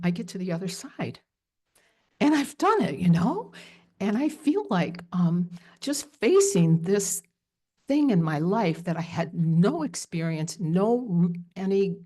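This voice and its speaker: A woman shares a personal story at a live storytelling event. Her voice sits low and sounds mellow and warm. She tells it in an animated, emotional way, full of fillers.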